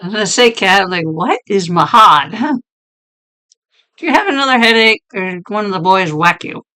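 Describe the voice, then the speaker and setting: A woman streamer chatting casually with her viewers, her voice deep and hoarse from being sick, laughing often. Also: lively intonation, quick pace, pushed and bright. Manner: chatty, laughing, talks to chat by name. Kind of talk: casual chat reading stream chat.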